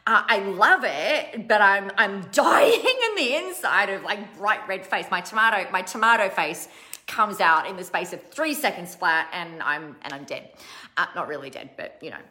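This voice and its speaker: A woman's voice: medium pitch, expressive, normal speed, bright, forceful tone. A woman in her thirties, a business coach giving a chatty, blunt motivational talk to her online audience, swearing casually and laughing at herself. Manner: self-deprecating, laughs at herself.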